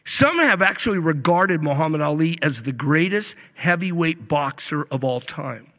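A male pastor delivering a sermon, stretching key words slowly and swinging between loud emphasis and hushed asides. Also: fairly high pitch, expressive. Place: church sanctuary. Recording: long reverb of a large hall.

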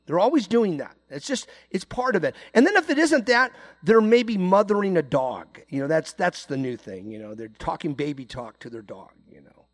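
A man's voice: a little high, sing-song, fairly quick, hardly any pauses. A middle-aged man preaching a sermon to his congregation in a loose, conversational way, often repeating words and saying "you know". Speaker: pastor.

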